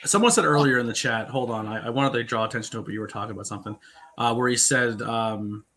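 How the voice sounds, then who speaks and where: Bright-voiced laid-back male co-host. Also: medium pitch, fast. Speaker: podcast co-host. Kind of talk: casual live watch-along chat.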